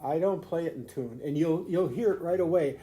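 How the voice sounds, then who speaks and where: A man's voice: fairly high pitch, a little fast, dark tone. Older man giving a rambling fiddle lesson. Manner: rambling, folksy, stumbling restarts and chuckles. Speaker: grandfather teaching fiddle. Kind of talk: casual home video lesson.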